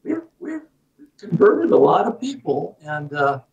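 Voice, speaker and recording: A man in his eighties telling a story to his host in a casual, unhurried way, pausing on many "uh" fillers. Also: fairly high pitch, very animated, distant mic, lo-fi sound. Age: 80s. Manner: unhurried, halting, with frequent "uh" fillers. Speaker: guest.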